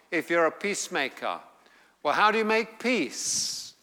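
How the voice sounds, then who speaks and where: A man with an English accent, from England, teaching a Bible class, reading scripture aloud and explaining it in a deliberate way. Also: sits high, lively intonation, pushed and bright, big-room sound.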